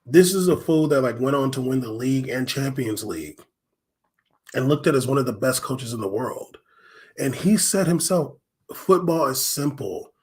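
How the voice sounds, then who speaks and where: Rambling slangy man on a podcast. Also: mid-range voice. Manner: rambling, slangy, laughs often, lots of fillers. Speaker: podcast host. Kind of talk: casual solo commentary.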